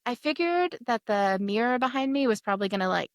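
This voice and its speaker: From her apartment, a young woman co-hosts a podcast, chatting casually and telling stories in a giggly, animated way with lots of laughs. Her voice is on the high side and fairly quick. The sound is clean studio audio with no echo.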